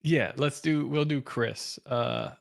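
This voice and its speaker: A man's voice: medium pitch, takes it slowly, creaky. A man co-hosting a podcast in casual chat, dropping wry, joking asides. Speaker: podcast co-host.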